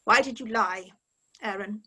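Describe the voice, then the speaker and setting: A woman's voice: fairly high pitch, measured pace, pushed and bright, slightly rough, heavily acted. A woman voicing a mocking female interrogator in an online script reading, taunting and probing. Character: mocking female interrogator, mother-daughter-holy-spirit figure. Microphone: video call mic.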